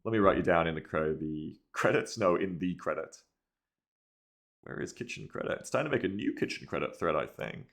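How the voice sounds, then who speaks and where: A man's voice: deep voice, expressive, a little fast, a bit bright. A man streaming a strategy game from home, thinking aloud, counting tiles under his breath and swearing casually. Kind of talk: casual live-stream commentary. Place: home room. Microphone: desk mic with headphones. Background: game music.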